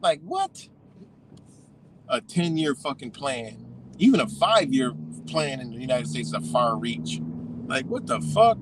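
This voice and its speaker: A man's voice: mid-range voice, sing-song, unhurried, noisy background. A man hosting a livestream, ranting in a heated, profane, rambling way with scattered laughs. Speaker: livestream host. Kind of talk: profane casual rant.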